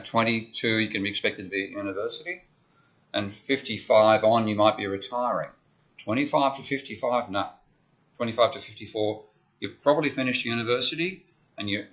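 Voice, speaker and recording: A man's voice: on the low side, pushed and bright. A man giving a university economics lecture, explaining step by step in a conversational way and checking in with "okay?". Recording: dull lo-fi lecture recording.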